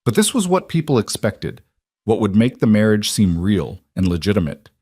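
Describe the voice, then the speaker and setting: A man narrating a western romance story in a calm, measured scripted reading. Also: on the low side, slightly rough, no echo, clean studio sound.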